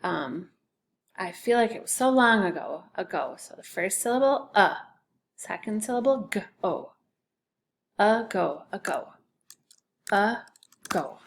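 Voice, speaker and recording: Woman teacher, children's spelling lesson, slow, careful delivery. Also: mid-range voice, a little hiss or hum. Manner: slow, patient, sounding out syllables.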